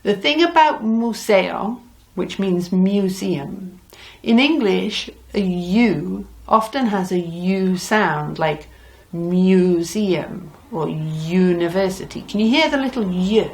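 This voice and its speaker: Slow, patient woman teaching Spanish. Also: medium pitch, lively intonation. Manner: drills words slowly, repeats each one; cheerful, mixes English and Spanish. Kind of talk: language lesson.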